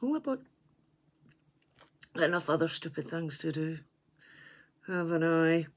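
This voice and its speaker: Slow-talking older Scottish woman. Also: sits low, animated. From Scotland. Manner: chatty, self-mocking, laughs often. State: runny nose. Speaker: livestream host. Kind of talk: casual chat to viewers.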